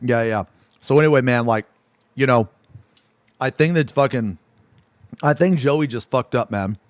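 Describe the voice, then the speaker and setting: A man's voice: medium pitch, a little slow, no room sound. A man, a streamer ranting on a livestream in a profane, exasperated and sarcastic way. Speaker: Twitch streamer.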